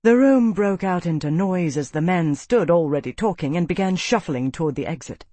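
A man narrating a fantasy audiobook in a steady storytelling manner. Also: fairly high pitch, moderate pace, no echo. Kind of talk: scripted narration.

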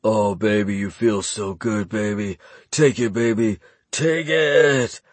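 A loud, crude young boyfriend from an audiobook, as a man puts him on. He drawls his lines in a husky, somewhat raised voice. The sound stays dry. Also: on the low side, slow, no room sound. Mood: lusty.

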